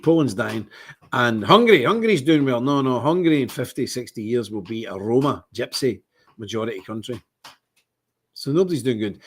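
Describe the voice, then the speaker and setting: Scottish male streamer, husky voice, rambling and worked up, casual monologue. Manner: rambling, indignant, lots of restarts and big pitch swings. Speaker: livestream host.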